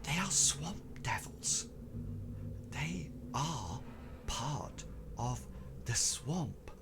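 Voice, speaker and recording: A man voicing a secretive male swamp guide in whispered role-play, his voice hushed and ominous. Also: mid-range voice, big pitch swings, very slow, vocal fry, full character voice. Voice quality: whispering, voice fading quieter. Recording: noisy recording.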